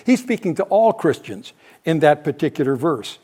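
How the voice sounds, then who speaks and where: Very animated and speaking at normal speed, an older man with a mellow, rather high voice preaches on a Bible passage, thinking aloud with many restarts and self-corrections.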